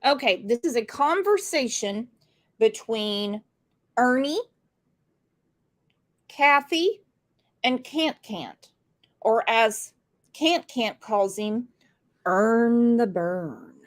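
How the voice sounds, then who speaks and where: A woman's voice: fairly high pitch, expressive, slow, long pauses. A woman hosting a true crime commentary, talking casually with sarcastic, mocking asides.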